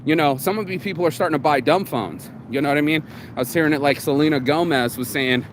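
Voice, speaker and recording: A man's voice: a little high, a little hiss or hum. A man giving a blunt, profane motivational talk in a casual vlog. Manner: blunt and profane, with quick acted quotes. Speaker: motivational vlogger.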